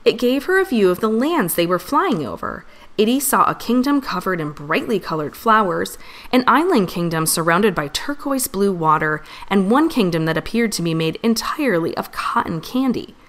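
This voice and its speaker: A woman reading a children's storybook aloud, gentle and expressive. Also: mid-range voice, moderate pace. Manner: gentle, expressive, lively voice changes for characters. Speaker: storybook reader.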